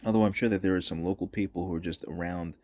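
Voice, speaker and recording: A man's voice: low-pitched, fairly even intonation, fast, warm tone. A man giving opinionated commentary over footage, emphatic and repeating his points for stress. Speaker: political commentator.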